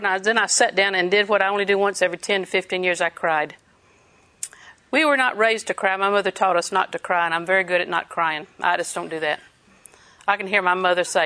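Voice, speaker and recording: Older female preacher, bright tone, lively anecdotal sermon delivery. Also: medium pitch, fast talker. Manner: storytelling, animated, laughs while preaching.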